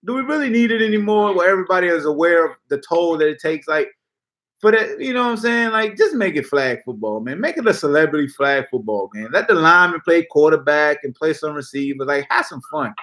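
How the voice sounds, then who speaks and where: A man with a fairly high voice hosts a sports talk show. He rants bluntly and loosely in casual slang. His delivery is animated. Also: a little fast. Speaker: podcast host.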